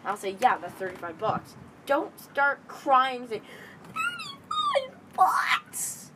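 A teenage girl talks in a bossy, rambling way, stopping to correct herself as she goes. Her voice sits fairly high and swings around a lot. There is clear background noise behind her. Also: lively intonation, measured pace, sharp tone. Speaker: young vlogger pitching a game club. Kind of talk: rambling casual monologue.

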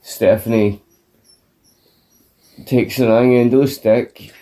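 A man's voice: medium pitch, steady tone, takes it slowly, mellow. A man co-hosting a casual podcast, crude and jokey as he recaps wrestling. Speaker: podcast co-host.

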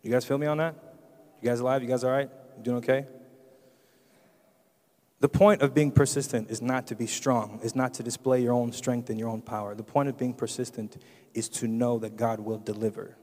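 A man's voice: medium pitch, level tone, fairly quick, warm tone. A young man giving a casual, conversational sermon as a preacher, often turning to the congregation with questions. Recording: long reverb of a church hall.

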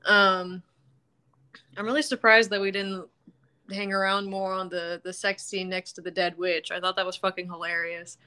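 Bright lady podcast host, chatty, swears a bit, lots of ums. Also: on the low side, little pitch movement, normal speed, clear, resonant tone. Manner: chatty, swears casually, many fillers. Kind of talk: casual chat.

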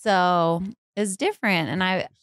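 A woman's voice: lowish voice, unhurried, no room sound. A woman in her thirties co-hosting a casual podcast, teasing with dry humor. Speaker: podcast co-host.

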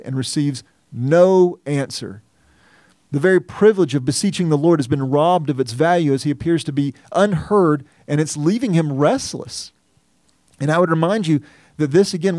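A man's voice: a little high, darkish tone, no echo, clean studio sound. A man pastor preaching a sermon, teaching earnestly and reading scripture aloud with feeling.

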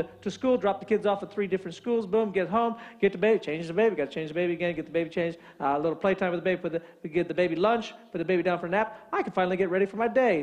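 A male pastor telling a humorous story in a sermon, reeling off rapid lists of chores and often checking in with "right?". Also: high-pitched, muffled recording. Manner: animated joke-telling, rapid-fire lists, frequent "right?".

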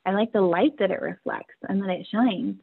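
A woman's voice: mid-range voice, moderate pace, breathy edge. A woman in her forties, a podcast guest, telling a personal family story candidly, earnest and emotional, often laughing through her words. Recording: tinny phone-like line.

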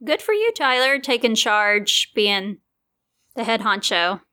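A woman's voice: on the high side, animated, slow pace, sharp tone. A woman co-hosting an improvised comedy podcast over a video call, bubbly and chatty.

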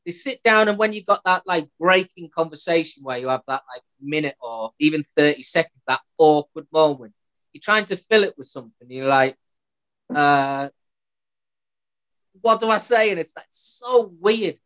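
A man's voice: a little high, normal speed, a bit bright. A man co-hosting a podcast from home, chatting casually and laughing along. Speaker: podcast co-host. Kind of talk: casual chat. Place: his home.

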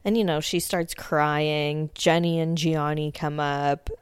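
A woman's voice: sits low, flat delivery, slow pace, clean tone, no room sound. Brief: woman podcast host, casual opinionated recap, lots of "like" fillers; dry close recording. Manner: blunt, swears often, many "like" fillers.

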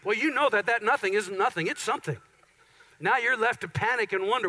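A pastor preaching a conversational sermon, with playful asides and an Upper Midwest American accent. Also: male voice, high voice, fairly quick, bright, forceful tone, poor audio.

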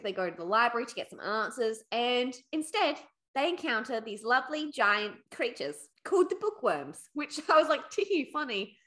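A woman co-hosting a book podcast, recapping chapters in an animated, sweary, laughing way. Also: fairly high pitch. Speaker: podcast co-host. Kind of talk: casual book chat.

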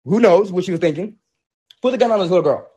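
A man with a high, husky voice recounts events in a heated, casual way. His speech is emphatic and repetitive, slangy and full of restarts. It sounds like an animated conversation. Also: quick pace. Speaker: protest organizer. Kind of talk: heated personal storytelling in a discussion.

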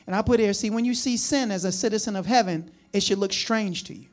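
A man's voice: high-pitched, fast, faint music behind. A man from the New Jersey or New York area preaching a conversational sermon, folksy and chatty with frequent asides and chuckles. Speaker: pastor.

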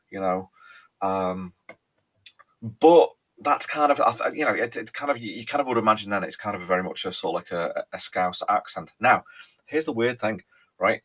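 A man with a low, deep voice and a Merseyside accent talks alone into his podcast mic. He rambles in a chatty way, repeating words and filling pauses with ums. He sounds like a man in his thirties. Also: a bit bright. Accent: Merseyside with a faint Cheshire lilt. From Ellesmere Port, England. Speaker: podcast host. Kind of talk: casual solo podcast monologue.

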